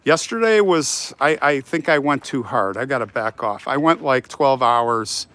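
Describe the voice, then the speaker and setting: A man's voice: medium pitch, lively intonation, unhurried, fairly bright tone. A middle-aged American man hosting a live stream, chatting casually and reading viewer comments aloud while he walks. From United States. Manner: chatty, friendly, rambling, talks straight to viewers. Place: outdoors on a city street while walking. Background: faint street and traffic noise.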